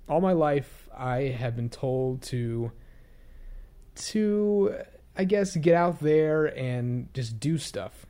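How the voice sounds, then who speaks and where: This YouTuber, a young man with a warm, medium-pitched voice, delivers a laid-back, reflective vlog to his channel. His speech wanders and stalls, with frequent restarts, and he's frank and tough on himself.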